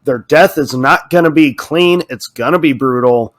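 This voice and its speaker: Podcast guy ranting, swears a lot, kinda higher voice, worked up. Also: moderate pace. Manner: animated, ranting, swears freely. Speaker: podcast co-host. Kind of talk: casual podcast chat.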